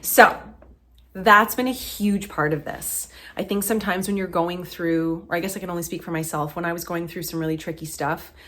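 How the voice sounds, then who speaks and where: Emotional, chatty woman vlogger. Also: fairly low pitch. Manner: heartfelt, getting emotional, chatty with many fillers. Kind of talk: casual chat to camera.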